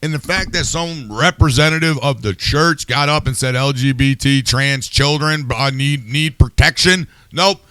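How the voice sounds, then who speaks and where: A man's voice: mid-range voice, moderate pace, few pauses, pushed and bright, smooth, dry recording. A man hosting a podcast, ranting in a heated, profane, casual way. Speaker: podcast host.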